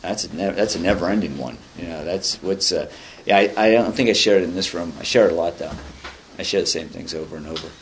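A man in his fifties with a low voice shares at a recovery meeting. He talks in a loose, wandering way and mixes read-out passages with dry jokes at his own expense. A faint hum of room ambience sits behind him. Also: quick pace. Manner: rambling and conversational, with dry self-deprecating humor. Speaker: speaker sharing at a recovery meeting. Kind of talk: casual spoken share, reading passages aloud and commenting.

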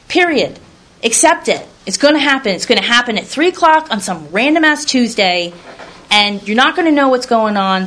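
A woman's voice: medium pitch, fairly bright tone. A woman sharing a candid personal testimony in a blunt, rambling way, casually swearing and telling her story with animation.

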